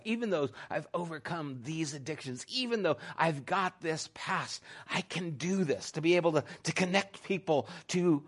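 A middle-aged man preaching a sermon as pastor, talking conversationally and swinging between loud emphasis and a soft hush. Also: on the high side, slightly rough.

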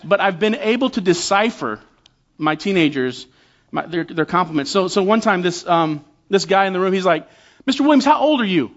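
High-voiced man preaching in a casual, chatty way. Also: a bit bright, highs cut off. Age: 40s. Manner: conversational and self-deprecating, with quick restarts. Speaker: guest preacher, church elder. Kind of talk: sermon with humorous stories.

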